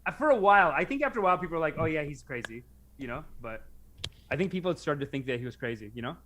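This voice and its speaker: A young man co-hosting a podcast, chatting casually and animatedly, often acting out someone yelling with swearing. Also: fairly high pitch, lively intonation, rapid-fire, a little hiss or hum. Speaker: podcast co-host.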